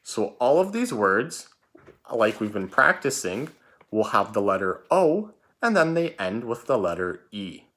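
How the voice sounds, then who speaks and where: A man's voice: lowish voice, very animated, measured pace, a bit bright. A man teaching a recorded spelling lesson for children, patient and repetitive, calling out words and letters.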